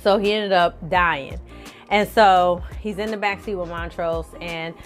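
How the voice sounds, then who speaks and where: Animated woman recapping a show. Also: lowish voice, a little slow, soft background music. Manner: animated, colloquial, addresses viewers as y'all and honey. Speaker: film review vlogger. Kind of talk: casual recap chat.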